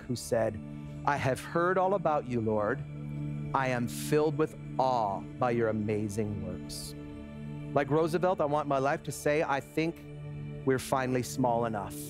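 A man in his forties preaching a sermon as pastor, telling lively stories before slowing to a quiet, earnest close. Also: medium pitch. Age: 40s. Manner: animated storytelling that drops to a quiet, slow, earnest close.

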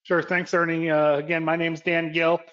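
A man introducing himself briskly as a webinar co-speaker. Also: a little high, flat delivery, fairly bright tone. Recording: lo-fi online call audio.

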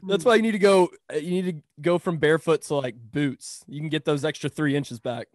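A man's voice: fairly high pitch, brisk, dry recording. Easygoing podcast host guy, dry sound. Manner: easygoing, upbeat questioner. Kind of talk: casual podcast interview.

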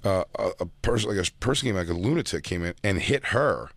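A man hosting a podcast, rambling through casual anecdotes with quick asides. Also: sits low, animated, no echo. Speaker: podcast host. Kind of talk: casual chat, storytelling.

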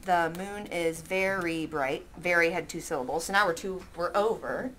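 Woman teacher leading a class, reads lines slowly to count syllables, light hiss behind. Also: fairly low pitch, fairly bright tone. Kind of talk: classroom lesson.

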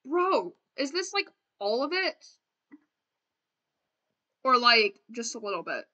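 A woman's voice: fairly high pitch, sing-song, slow pace, bright, forceful tone. A young woman streaming a game, chatting casually and playfully as she plays, rambling with lots of restarts. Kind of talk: casual gameplay commentary.

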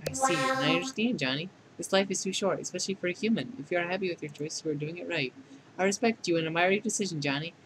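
A man's voice: fast talker, very noisy, natural voice. A man voicing a condescending, clingy female AI program in a fan dub of a dating game, with mocking, clinical put-downs. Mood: scornful. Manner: deadpan scolding that tips into shrill outbursts.

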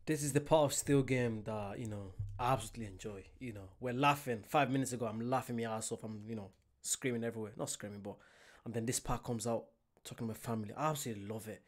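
A man's voice: medium pitch, fast. Earnest male reaction host. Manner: earnest, heartfelt. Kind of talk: casual reaction commentary.

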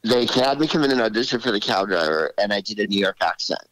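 A man in his sixties, a comedian guest telling animated stories in an interview and slipping into voices. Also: on the low side, fast talker, no room sound, poor audio. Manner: animated, drops into character voices. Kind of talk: storytelling interview.

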